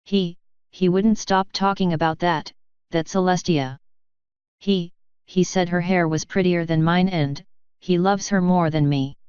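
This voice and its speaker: A woman's voice: on the low side, fairly even intonation, measured pace, darkish tone, clean tone, no echo, lo-fi sound, natural voice. A woman reading as a jealous scheming changeling princess. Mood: upset. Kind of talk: fanfiction audiobook reading.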